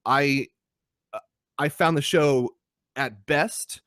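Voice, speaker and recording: A young adult man co-hosting a podcast, talking in casual chat with animated, profane ranting. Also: on the high side, takes it slowly, no room sound, studio quality. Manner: animated, swearing, ranting critique. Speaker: podcast co-host. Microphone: podcast microphone.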